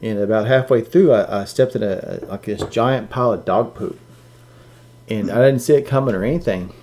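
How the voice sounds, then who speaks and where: A man's voice: lowish voice, fairly quick, warm tone. Man casually chatting on a live stream. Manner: joking, tells dad jokes with a straight face. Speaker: podcast co-host.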